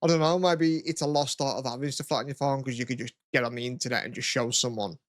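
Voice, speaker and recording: A young man rambles through stories on a podcast, cursing freely and tagging his sentences with "you know what I mean". His voice sits at an ordinary pitch, and the recording is dry and close. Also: steady tone, fast talker, no room sound. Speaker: podcast co-host. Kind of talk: casual chat.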